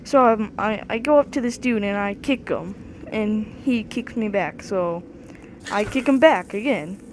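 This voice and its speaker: A male speaker casually telling a rambling, animated story about his childhood while someone plays a video game. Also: high voice, unhurried, a little hiss or hum. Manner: rambling, animated, with lots of "anywho". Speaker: storyteller over gameplay.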